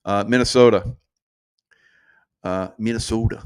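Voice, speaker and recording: A man's voice: lowish voice, measured pace, long pauses, smooth. A man hosting his own show with casual, rambling commentary, laughing often and drifting off point. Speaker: show host.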